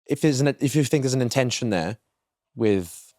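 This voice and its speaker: A man's voice: mid-range voice, lively intonation, moderate pace, dark tone, no room sound, clean studio sound. Rambling young man on a podcast. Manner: rambling, restarts his sentences. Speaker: podcast co-host. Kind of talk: casual chat.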